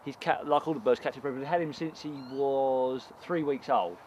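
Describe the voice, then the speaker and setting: A man's voice: medium pitch, normal speed, darkish tone, lo-fi sound. A man who keeps birds, chatting casually and coaxing his birds as he handles them outdoors. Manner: coaxing and affectionate toward the birds. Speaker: bird keeper. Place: outdoors among bird enclosures. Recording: noisy outdoor field recording.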